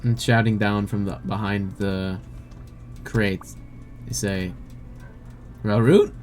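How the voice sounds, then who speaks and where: A man narrating as game master in a relaxed, halting way. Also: on the low side, faint music behind. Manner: relaxed, hesitant with fillers.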